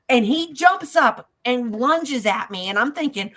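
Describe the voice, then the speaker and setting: Woman, storyteller type, acts out all the voices, jokes about herself, high-ish voice. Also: normal speed, hardly any pauses. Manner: lively storyteller who acts out every voice in the story. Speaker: psychic ghost tour guide. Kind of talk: animated anecdote on a talk show.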